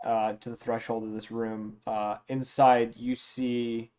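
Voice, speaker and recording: A man narrating a tabletop game as game master, relaxed and loose, with many fillers. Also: mid-range voice.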